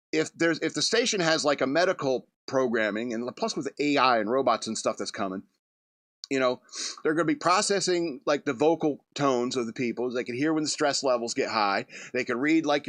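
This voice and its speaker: A man's voice: mid-range voice, fairly bright tone, no room sound, clean studio sound. A man hosting a comedy radio show, rambling through a loose monologue with restarts and chuckles.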